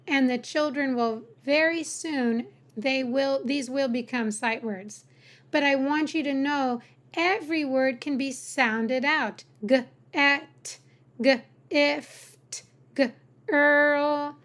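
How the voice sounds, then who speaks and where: Lady teacher going thru phonics sounds real slow, high voice, stretches every sound out. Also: fairly bright tone. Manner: slow, deliberate, drawn-out letter sounds. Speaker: reading teacher. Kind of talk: phonics lesson for parents.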